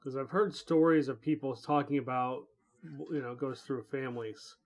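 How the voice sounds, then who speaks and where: A man hosting a podcast interview, asking gentle questions with brief reactions. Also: mid-range voice, steady tone, normal speed. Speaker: podcast host.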